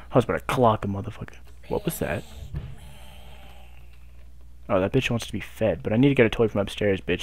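A young man giving loud, profane gameplay commentary, hyped up and talking back to the game on screen. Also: on the low side. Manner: loud, hyped, swears constantly, talks to the game. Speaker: gaming YouTuber.

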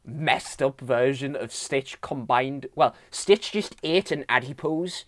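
A man's voice: mid-range voice, slow, dry recording, clean studio sound. A young man co-hosting a podcast, ranting and laughing in casual chat. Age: young adult. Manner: animated, ranting, laughs often, mimics voices. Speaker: podcast co-host. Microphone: podcast mic.

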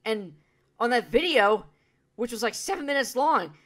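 Woman reaction host, higher-pitched, blunt and profane, sarcastic. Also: animated, moderate pace, a bit bright. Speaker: commentary video host. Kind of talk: reaction commentary.

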